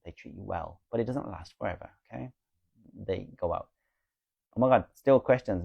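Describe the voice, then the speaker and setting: A man hosts a casual spiritual live stream, picking up viewers' comments and answering each one in a confident, coaching tone. His voice sits somewhat low and sounds dry and close, as if recorded at home with no room sound. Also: moderate pace, gravelly, husky, no room sound, lo-fi sound. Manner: chatty, reads viewer comments aloud and answers them.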